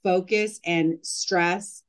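A woman's voice: lowish voice, fairly even intonation, very slow. A woman who coaches mothers, talking earnestly in a casual podcast interview and using "like" often.

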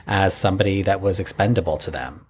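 A man with a low, somewhat husky voice talks through a reality show episode in easygoing chat. He tells it like a story and slips into quick impressions of the players. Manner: lively storytelling, mimics the players. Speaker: podcast co-host recapping a reality show. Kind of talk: casual chat.

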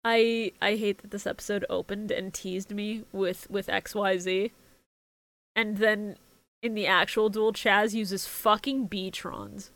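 A woman co-hosting a casual podcast, profane and excitable, laughing often. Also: mid-range voice, a little slow, no room sound. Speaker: podcast co-host. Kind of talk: casual chat.

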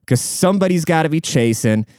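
Young guy ranting crude and blunt, smooth voice, dry mic. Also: a little high, lively intonation, brisk, darkish tone, dry recording. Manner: profane, blunt, rambling. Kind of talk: crude casual monologue.

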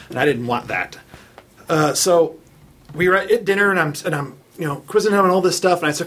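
A man telling a long, funny story in casual conversation, animated and self-mocking, laughing at his own jokes. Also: a little high, quick pace, breathy edge. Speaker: storyteller on a chat show.

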